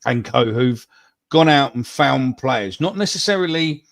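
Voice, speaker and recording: A man's voice: medium pitch, expressive, a little slow, creaky. A man co-hosting a live football podcast, talking bluntly and swearing freely. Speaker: podcast co-host. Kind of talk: casual live-stream chat.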